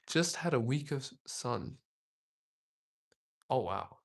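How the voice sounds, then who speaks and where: A young man on a relaxed livestream, rambling through viewer comments and laughing often. His voice sits at an ordinary middle pitch. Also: slow, creaky. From Australia. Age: young adult. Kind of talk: casual live-stream chat.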